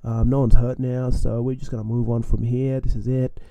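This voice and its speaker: A young man from Australia telling a frightening personal story in a casual, animated way, often ending phrases with "man". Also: medium pitch, moderate pace, no echo. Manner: animated, self-mocking, acts out his own panic; repeats lines and ends phrases with "man". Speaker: podcast storyteller.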